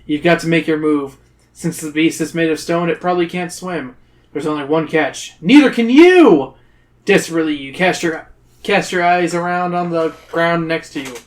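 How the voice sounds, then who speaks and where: A man reading aloud with dramatic flair, fairly high voice. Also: level tone, moderate pace. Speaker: podcast host reading a gamebook aloud. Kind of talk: reading a gamebook aloud on a comedy podcast.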